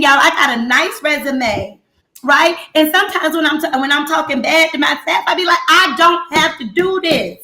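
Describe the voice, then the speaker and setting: High bright woman host, talking straight. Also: roomy sound. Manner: talks straight and playful, with slang and repeats. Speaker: accountant hosting a business talk show. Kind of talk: lively casual talk.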